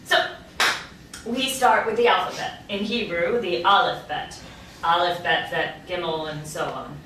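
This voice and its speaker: A woman in her forties reading the role of a calm, instructive Hebrew teacher in a virtual play reading, over an echoey, distant video call. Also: lowish voice, unhurried, noisy background, close to an everyday voice. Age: 40s.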